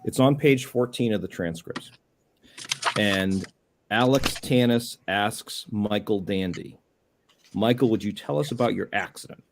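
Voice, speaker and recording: A man in a casual chat, asking quick, direct questions as a co-host. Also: fairly low pitch, slight background noise.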